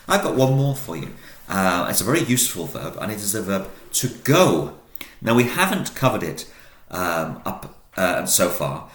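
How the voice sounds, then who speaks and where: Deep-voiced man teaching Latin in an echoey room. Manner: chants the verb forms loudly, then explains in a low, relaxed voice with ums. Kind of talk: video lesson with chanted drills.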